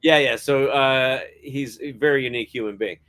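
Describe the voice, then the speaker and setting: A man's voice: medium pitch, moderate pace, a bit bright. A middle-aged man, a guest cinematographer, telling stories in a casual interview, rambling with many hesitant fillers and frequent chuckles.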